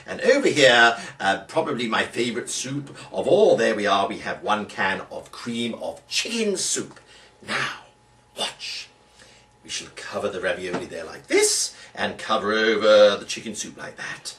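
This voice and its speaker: A man's voice: fairly low pitch, big pitch swings, moderate pace, pushed and bright. British guy doing magic patter, big swoopy voice, bit far from the mic. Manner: theatrical, exclamatory showman patter. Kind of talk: demonstrating a magic trick and its patter.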